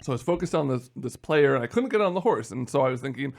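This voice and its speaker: A man's voice: medium pitch, expressive, quick pace, creaky. A man co-hosting a podcast, telling a rambling story in casual chat with many fillers. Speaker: podcast co-host.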